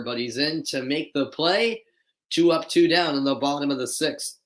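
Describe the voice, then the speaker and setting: A man's voice: fairly high pitch, moderate pace, fairly bright tone. A man from Boston doing live play-by-play commentary, chatting with viewers between plays. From Boston, USA. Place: dimly lit room at home.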